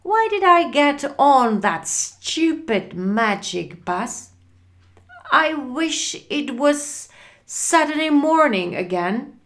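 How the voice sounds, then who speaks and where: A woman reading aloud, voicing a nervous, impulsive teenage boy in a storybook. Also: slow pace. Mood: panicky. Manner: higher, excited or panicky.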